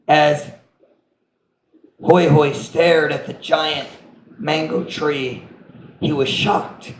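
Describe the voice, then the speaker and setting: A man's voice: on the high side, fairly even intonation, very slow, roomy sound, slight background noise, low-quality recording. A man preaching as a pastor, telling a playful children's story and switching between English and Cebuano. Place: church hall.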